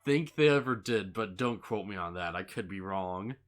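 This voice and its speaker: A man's voice: fairly low pitch, animated, normal speed. A man co-hosting a casual podcast, recapping anime episodes in a rambling way, full of "like" fillers and laughter. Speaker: podcast co-host.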